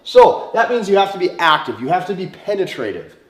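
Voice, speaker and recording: Man, fairly high voice, insistent coaching lecture, blunt and profane, roomy echo. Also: sing-song, a little fast. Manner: forceful, repetitive, profane. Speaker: dating coach. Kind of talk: motivational lecture to camera.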